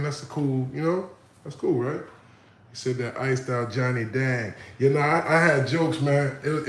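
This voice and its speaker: Joking man hosting a roomy livestream. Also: medium pitch. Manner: joking, hyping the chat. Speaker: livestream host. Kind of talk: casual livestream chat. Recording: roomy room with faint ambience.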